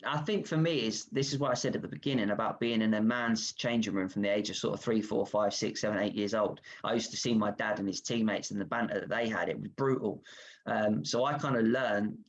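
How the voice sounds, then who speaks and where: Highs are cut off in this video call recording, where a former footballer in a lowish voice talks fairly quickly. As a guest, he offers candid, self-reflective stories about his own life, told as lively anecdotes.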